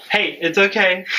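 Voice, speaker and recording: A man's voice: high voice, sharp tone, far from the mic, slight background noise, poor audio. A man in his twenties telling a personal story in casual chat, rambling and frank, swearing freely. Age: 20s. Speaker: vlog regular.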